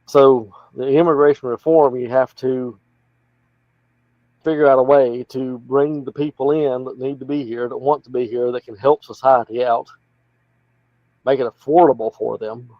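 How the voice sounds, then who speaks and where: A man's voice: medium pitch, steady tone, normal speed, pauses often, dry recording. Plainspoken Appalachian man, lo-fi sound. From North Carolina. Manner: plainspoken, folksy, rambling. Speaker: political candidate guest. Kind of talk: casual interview talk.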